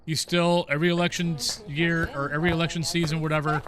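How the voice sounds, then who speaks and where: A man's voice: on the high side, flat delivery, quick pace, a bit bright. A middle-aged man chatting casually with his stream viewers while gaming, rambling from one story to the next. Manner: rambling, talks to chat and to the game's ghost.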